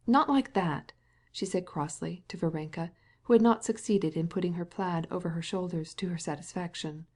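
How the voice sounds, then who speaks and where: A woman narrating a classic novel as an audiobook, in a measured, even reading. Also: lowish voice.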